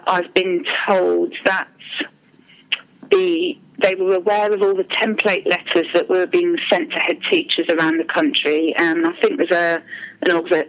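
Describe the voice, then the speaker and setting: A woman's voice: lowish voice, rough recording. A mother speaking as an interview guest, telling her account hesitantly with frequent ums and restarts. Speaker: parent speaking anonymously as a guest.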